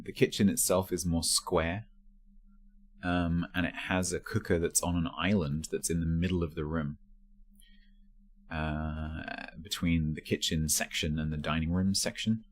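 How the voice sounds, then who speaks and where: Deep-voiced rambling streamer. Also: male voice, slight background noise. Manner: rambling, chatty while sorting cables. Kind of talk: casual live-stream chat. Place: home, packing to move.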